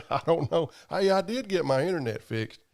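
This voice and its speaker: A man's voice: fairly high pitch, animated, normal speed, creaky, darkish tone. A man hosting a live stream, chatting casually and profanely while reading viewer comments. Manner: rambling, profane, drawling. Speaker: livestream host.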